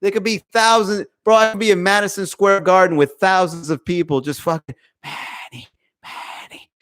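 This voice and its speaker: A man's voice: sits high, fairly even intonation, brisk, fairly bright tone, clear, resonant tone. A young adult man, a comedian hosting a casual livestream podcast, talking through a phone, reading viewer comments and acting out the voices he quotes, with plenty of swearing. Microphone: phone for live stream.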